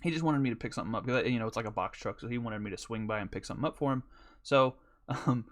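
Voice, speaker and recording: A man's voice: mid-range voice, fast talker. A man hosting his own podcast, rambling through casual stories with lots of swearing. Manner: rambling and profane, with laughs. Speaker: podcast host. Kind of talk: casual storytelling chat.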